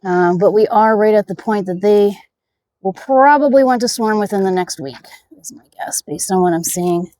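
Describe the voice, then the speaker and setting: A beekeeper in a mid-range, slightly mellow voice chats her way through a hive inspection outside at a moderate pace, murmuring to herself and to the bees. There's no room sound.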